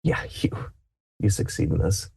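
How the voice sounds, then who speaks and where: A man's voice: moderate pace, darkish tone, dry recording, studio quality. A man running a tabletop game as game master, narrating in a rambling way with many fillers. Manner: rambling, filler-heavy, laughs often.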